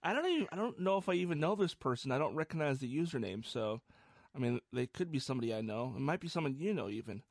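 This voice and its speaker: A man's voice: mid-range voice, lively intonation, quick pace, creaky, darkish tone, dry recording, studio quality. Laughing, casual podcast host man. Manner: laughs easily, curses casually. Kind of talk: casual chat.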